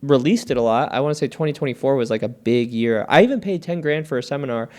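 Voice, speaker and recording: Casual podcast co-host, a man with a smooth, resonant voice who swears freely and rambles through stories. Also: medium pitch, quick pace, a little mellow. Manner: candid, profane, rambling storytelling. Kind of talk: casual chat.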